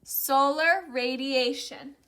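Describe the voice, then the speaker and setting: A woman teacher with a high, bright voice runs a call-and-response lesson. She speaks unhurriedly and says each term clearly so the class can echo it. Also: fairly even intonation. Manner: says each word slowly and has the class repeat it.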